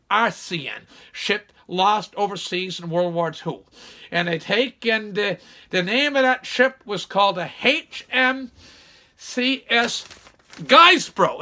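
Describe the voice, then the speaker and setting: A man's voice: very high-pitched, pushed and bright. An older man, a vlogger rambling through folksy local stories with many restarts. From Nova Scotia, Canada. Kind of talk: rambling monologue.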